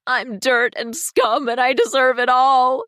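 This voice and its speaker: A woman narrator voicing a tormented, hysterical young woman with a raspy voice, speaking in a shrill, panicked, pleading way. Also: a little slow, a bit bright, dry recording, studio quality. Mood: despairing.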